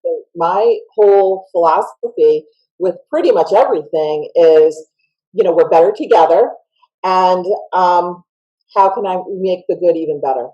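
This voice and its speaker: A woman's voice: lowish voice, unhurried, warm tone, lo-fi sound. A woman with a Southern US accent, a school counselor guest in a casual video-call interview, upbeat and emphatic, laughing often.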